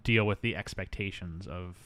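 A man's voice: deep voice, normal speed, fairly bright tone, no room sound. A man co-hosting a casual movie-review podcast, riffing with jokey asides. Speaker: podcast co-host.

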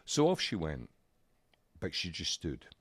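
Very deep-voiced man telling a story. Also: measured pace, slightly rough, no echo. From United Kingdom. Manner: animated, acts out quoted voices. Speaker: podcast co-host. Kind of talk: casual storytelling chat. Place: small room at a desk.

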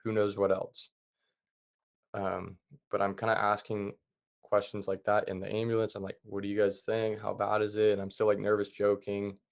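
A young adult man calmly retelling a story as a podcast guest, with plenty of fillers and loose, plain phrasing. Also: on the low side, normal speed, gravelly. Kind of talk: casual storytelling.

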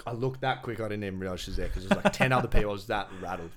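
A man's voice: on the low side, very fast, crowd noise. A young man, telling a story as a podcast guest in casual chat, laughing through it.

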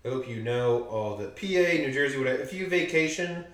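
A man's voice: medium pitch, lively intonation, fairly quick, fairly bright tone. A man from Pennsylvania co-hosting a podcast, chatting casually and chiming in with wry remarks. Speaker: podcast co-host. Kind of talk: casual chat. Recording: very echoey room, off-mic.

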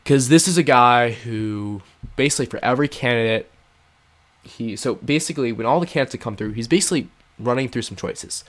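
A man's voice: medium pitch, brisk. A man telling a first-person story in a casual, earnest way, with many fillers and restarts. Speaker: podcast host.

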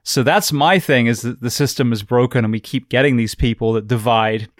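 A man's voice: medium pitch, brisk, no room sound, clean studio sound. A man hosting a podcast, asking blunt, profane questions that come out as rants. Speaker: podcast host. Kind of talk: casual interview.

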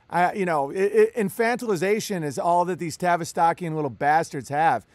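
Co-host, man, high pitched, dry close mic; rambling, profane, stammers. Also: fairly quick, few pauses, no echo. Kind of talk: casual podcast conversation.

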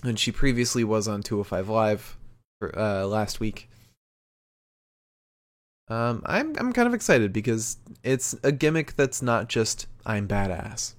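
A man with a fairly low voice hosts a podcast in casual chat. He recaps the show in a loose, rambling way, with fillers and swearing. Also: lively intonation, a little slow, long pauses. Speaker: podcast host recapping wrestling.

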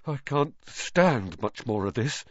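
A man's voice: mid-range voice, expressive, slow pace, no room sound. A man voicing a glum, hungry schoolboy who mutters. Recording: dry, slightly dull recording.

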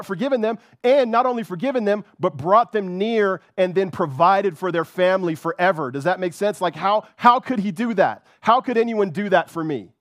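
Guy preaching hard, kinda high voice, keeps saying right?, dry sound no room. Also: dry recording. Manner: fervent, repeats words, keeps asking "right?". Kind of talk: sermon.

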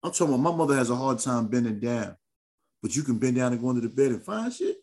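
A man hosting a podcast in casual chat, talking in an animated, slangy, emphatic way. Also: mid-range voice, fast talker. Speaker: podcast host.

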